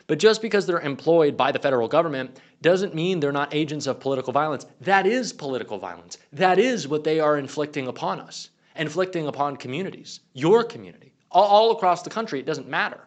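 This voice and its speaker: A young man tears into the news in a profane online rant. His voice sits a bit high and swings widely in pitch. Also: lively intonation, quick pace, few pauses. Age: young adult. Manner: angry, profane ranting. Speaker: political commentator. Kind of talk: online political commentary rant.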